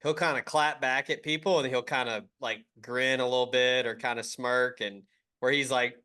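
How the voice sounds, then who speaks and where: Bright-voiced relaxed podcast host. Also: male voice, mid-range voice, normal speed, clean tone. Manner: relaxed, easygoing sign-off patter. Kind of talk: casual podcast chat.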